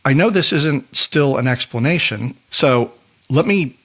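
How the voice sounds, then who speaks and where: A man's voice: medium pitch, lively intonation, a little slow, a bit bright. Guy co-hosting a podcast, explaining stuff from his notes, chill and conversational. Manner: explanatory, reads prepared notes. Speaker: podcast co-host.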